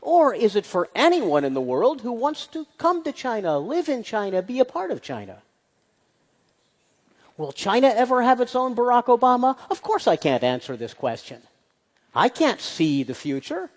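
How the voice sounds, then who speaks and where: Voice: mid-range voice, wildly swooping pitch, normal speed, darkish tone, in a large hall. A speaker giving a lecture-style public talk to an audience, posing rhetorical questions and stressing key points. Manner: poses rhetorical questions, emphatic. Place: large hall with an audience.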